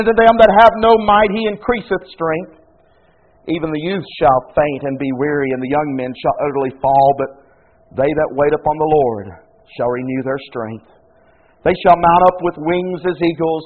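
A male preacher delivers an impassioned sermon. He lifts into loud pleading prayer and falls back to a hushed telling. His voice comes through thin and narrow, like a phone line. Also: mid-range voice. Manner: impassioned, shouts pleading prayers then drops to a hush. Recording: tinny phone-like sound.

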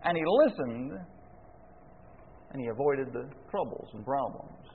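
A man's voice: mid-range voice, measured pace, a little hiss or hum. A man preaching a sermon, folksy and full of rhetorical questions, chuckling now and then. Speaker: pastor. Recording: echoey hall, phone-like lo-fi sound.

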